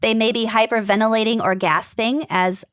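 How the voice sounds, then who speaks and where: A woman's voice: a little high, steady tone, normal speed, smooth, no room sound. Dry-sounding woman explaining from notes. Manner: explains at length, quotes sources, laughs easily. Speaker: podcast co-host. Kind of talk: casual chat, reading from notes.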